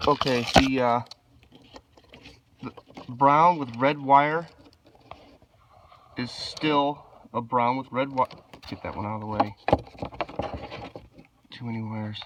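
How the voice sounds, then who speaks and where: A man with a cold, sounding rough and nasal, filming himself with a handheld camera while casually explaining a car repair, hesitant and apologetic. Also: mid-range voice, takes it slowly, pauses often, slight background noise. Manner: relaxed, hesitant, apologetic asides. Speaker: DIY car mechanic. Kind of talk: casual how-to walkthrough.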